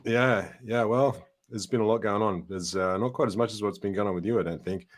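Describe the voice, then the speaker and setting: Male host, lowish voice, easygoing live-stream chat. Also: a little fast. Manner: relaxed, friendly, with fillers. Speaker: podcast host.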